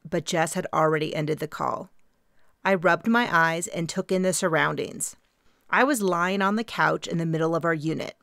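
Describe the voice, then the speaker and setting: A woman's voice: low-pitched, gravelly, a bit bright, no echo, clean studio sound. A woman narrating an audiobook in the first person, in a lightly self-deprecating way.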